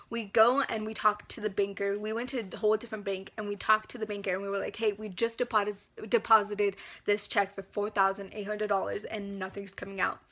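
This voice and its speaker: Bright-voiced young woman ranting profanely. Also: medium pitch. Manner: profane, heavy use of "like", rants. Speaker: vlogger. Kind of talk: casual storytime vlog.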